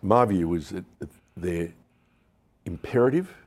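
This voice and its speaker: This Australian businessman in his sixties speaks a little slowly, his deep, darkish voice full of lively intonation. As a founder being interviewed, he tells frank stories and performs the quotes of the people in them.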